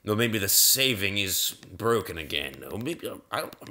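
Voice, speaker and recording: A man chatting his way through a video game in a slow, unhurried delivery. His voice is bright and forward, and his pitch swings up and down a great deal. He rambles, breaks off mid-thought and starts sentences over in a playful way. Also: big pitch swings. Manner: rambling, self-interrupting, playful. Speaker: gaming video host. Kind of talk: casual gameplay commentary.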